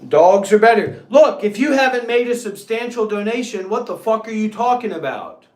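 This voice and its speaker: A scornful man rants through a livestream, swearing freely and stretching out his pauses. His voice sits higher than most men's, and the room around him rings with echo. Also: expressive. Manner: profane, scornful, drawn-out pauses. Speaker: meditation channel host. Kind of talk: profane livestream rant. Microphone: livestream setup. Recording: echoey room.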